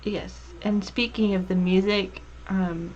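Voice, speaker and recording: A woman's voice: medium pitch, fairly even intonation, slow pace, darkish tone. A woman hosting a TV review chat, hesitant and searching for her words. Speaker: show host. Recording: dull lo-fi audio.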